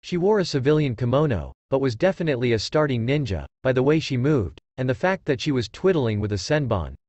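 A man reads a fan story aloud in a casual, animated way, his pitch moving a lot around a mid-range voice. The recording is dry and close with no room sound. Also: fairly quick, no room sound. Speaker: narrator.

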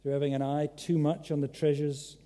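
A man's voice: on the high side, little pitch movement, a little fast, dark tone. A man preaching a sermon, earnest and emphatic, pressing his listeners with direct questions. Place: large church hall. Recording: echoey church hall.

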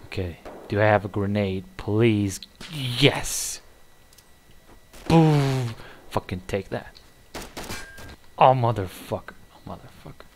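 A man giving live gameplay commentary, muttering and cursing with sudden excited outbursts. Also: fairly low pitch, takes it slowly, long pauses, slight background noise. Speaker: gamer.

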